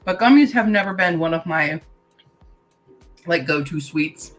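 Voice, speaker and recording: A woman's voice: on the low side, animated, a little slow, soft background music, low-quality recording. A woman hosting a casual writing-sprint livestream. She reads chat comments aloud, laughs often and talks while chewing candy.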